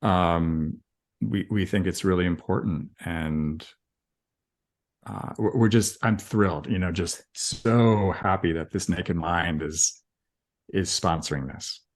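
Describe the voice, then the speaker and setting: A man speaking as a podcast guest and coach, earnest and halting, with many fillers and restarts. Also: low-pitched. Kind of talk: casual podcast conversation.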